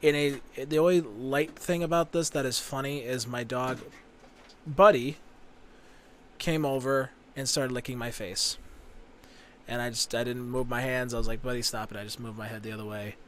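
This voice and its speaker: A man recounts a story on a casual podcast, swearing freely and speaking bluntly. His voice sits at an ordinary pitch. Faint room noise hangs behind him. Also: fairly even intonation, normal speed, fairly bright tone. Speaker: podcast guest.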